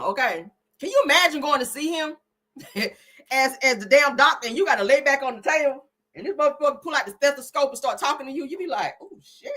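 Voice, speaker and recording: A brash woman hosting a gossip live stream, her husky voice bright and forceful, swinging up and down in lively pitch. She is profane and quick to laugh, and she keeps calling out to her viewers. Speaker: host. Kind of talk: casual gossip commentary.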